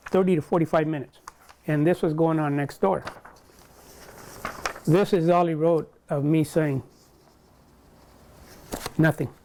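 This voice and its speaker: Older man, mellow halting storyteller. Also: a little high. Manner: halting, with many restarts and quoted dialogue. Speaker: interviewee. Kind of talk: recounting a personal story in an interview.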